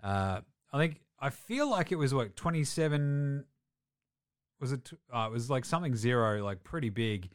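A man's voice: mid-range voice, big pitch swings, normal speed, no room sound. Aussie guy hosting a sports podcast, chill and sweary, laughs a lot, dry close sound. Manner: laid-back, swears, laughs often. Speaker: podcast host. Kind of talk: casual sports chat.

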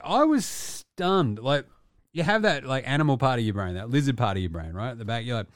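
A man's voice: mid-range voice, lively intonation, brisk, no room sound. Swearing, joking man, dry sound. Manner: profane, joking banter. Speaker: podcast co-host. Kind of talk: casual sports chat.

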